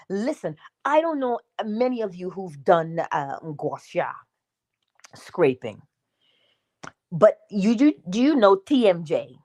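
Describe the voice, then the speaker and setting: A woman with a lowish, mellow voice hosts a morning livestream teaching talk. Emphatic and conversational, she asks her listeners questions and acts out little dialogues with herself.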